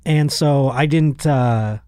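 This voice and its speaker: A man in his thirties hosts a podcast from a studio, telling a long story in a casual, animated way. He slips into other people's voices as he goes. The sound is dry and close. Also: medium pitch, slow pace, clear, resonant tone, no room sound. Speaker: podcast host.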